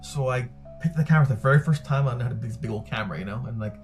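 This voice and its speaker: Middle-aged male interview guest, animated storyteller who acts out dialogue, light music underneath. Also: mid-range voice, rapid-fire. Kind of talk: recounting a personal story.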